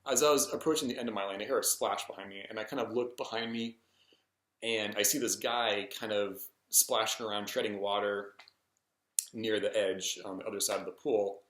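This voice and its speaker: Man, low voice, casual vlog, hesitant, many ums, echoey room. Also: steady tone, a little fast, a bit bright. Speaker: vlogger. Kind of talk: rambling personal story to camera.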